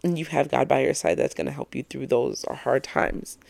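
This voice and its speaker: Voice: mid-range voice, steady tone, normal speed, creaky, a little mellow. A speaker in their twenties giving a casual, encouraging monologue as a vlogger, earnest and reflective, often laughing at their own points. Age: 20s.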